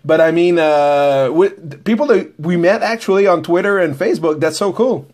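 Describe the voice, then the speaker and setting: A man's voice: a little high, moderate pace, darkish tone. A man from Quebec, hosting a podcast in a chatty, filler-heavy way. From Quebec, Canada. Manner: friendly, chatty, frequent fillers and restarts. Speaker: podcast host. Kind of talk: casual podcast chat.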